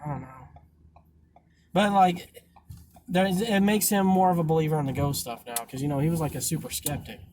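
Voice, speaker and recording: A man's voice: on the high side, a little fast, pauses often, crowd noise. A man hosting a podcast while driving food deliveries, chatting casually, swearing freely and trailing off mid-thought. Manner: laid-back, swears freely, trails off often. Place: in a car. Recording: car recording with clear road noise.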